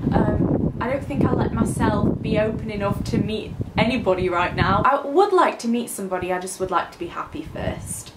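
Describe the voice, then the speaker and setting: A woman's voice: on the high side, reverberant, background noise. A young woman talking openly and a little hesitantly in a casual confessional vlog. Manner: open, emotional, hesitant. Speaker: vlogger.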